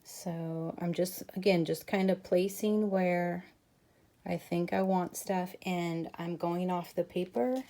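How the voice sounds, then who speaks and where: Low, gravelly-voiced woman crafter. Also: fairly even intonation, slow pace, dark tone, slight background noise. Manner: chatty, talks to viewers while working. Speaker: crafting channel host. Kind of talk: casual craft tutorial narration.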